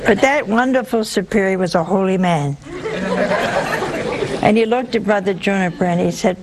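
A woman preaching a sermon, telling a story in a lively, humorous way despite a sore throat. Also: mid-range voice, normal speed, pauses often, over a noisy crowd, low-quality recording.

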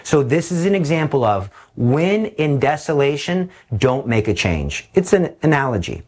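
A man preaching a sermon, telling stories in an animated way and acting out the voices. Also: a little high, normal speed.

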